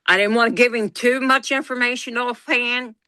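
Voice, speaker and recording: A woman's voice: a little high, moderate pace, clean tone, no echo. A middle-aged woman, telling a personal story on a podcast and acting out the quoted lines as she goes. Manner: animated retelling, acts out quoted dialogue. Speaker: podcast co-host.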